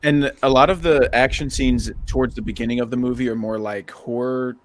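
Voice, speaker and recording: Male guest, everyday mid-range voice, relaxed and opinionated, casual profanity. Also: medium pitch, a little fast. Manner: opinionated, loose, swears casually. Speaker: podcast guest. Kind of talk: casual film podcast chat.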